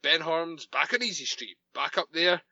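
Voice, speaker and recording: Sharp-voiced wry man, dry lo-fi mic. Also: on the high side, lively intonation, moderate pace, creaky, dry recording. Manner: wry, picks holes in the plot, sarcastic asides. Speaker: podcast co-host. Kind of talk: casual chat recapping a TV episode.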